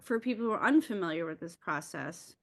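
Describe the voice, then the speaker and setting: A woman's voice: fairly low pitch, expressive, a little fast. A woman co-hosting a parenting podcast, speaking openly and reflectively about her own inner life. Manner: open, reflective, self-disclosing. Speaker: podcast co-host. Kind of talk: reflective conversational chat.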